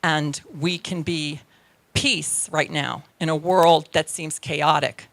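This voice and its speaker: A woman's voice: deep voice, fairly even intonation, slow, creaky. A woman minister giving a chatty, self-deprecating sermon, often checking in with the congregation. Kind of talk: conversational sermon.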